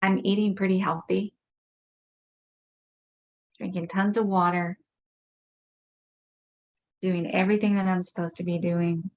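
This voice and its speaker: A woman guiding a tapping exercise in slow, measured phrases. Her voice sits low and stays fairly flat, each line spoken deliberately and repeated. The delivery is calm and unhurried even while naming frustration. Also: dull audio. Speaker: EFT tapping practitioner.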